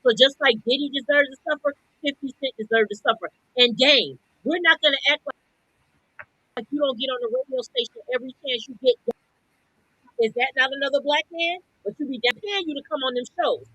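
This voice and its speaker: Woman podcast cohost going off, bright high voice, dry, cussing a lot, aave. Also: brisk, breathy edge, no echo. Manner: profane, blunt, fired-up ranting. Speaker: podcast co-host. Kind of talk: heated podcast rant.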